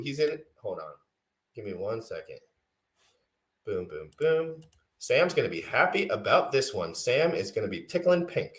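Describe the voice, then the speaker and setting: Excitable rambling man on a livestream. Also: medium pitch, normal speed. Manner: rambling, self-deprecating, excitable. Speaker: livestream co-host. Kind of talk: casual livestream chat.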